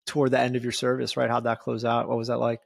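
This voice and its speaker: A man hosts an interview, relaxed and encouraging as he prompts his guest. His voice sits at a middle pitch. The sound is dry, with no room echo. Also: fast talker, vocal fry. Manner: easygoing and encouraging. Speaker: podcast host. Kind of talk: casual interview.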